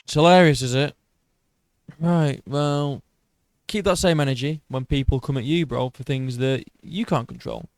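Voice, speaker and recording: A man's voice: mid-range voice, normal speed, no room sound. A man ranting sarcastically in commentary, mocking and exasperated. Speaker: MMA commentator.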